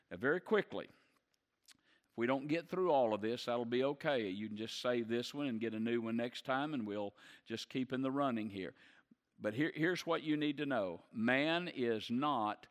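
A male pastor preaching a sermon, asking rhetorical questions and building in intensity. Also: mid-range voice. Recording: long reverb of a large hall.

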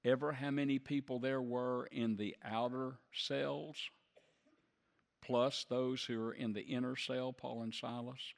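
A male pastor delivering a sermon, emphatic and slowing down to stress key words. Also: medium pitch, steady tone, gravelly. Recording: long reverb of a large hall.

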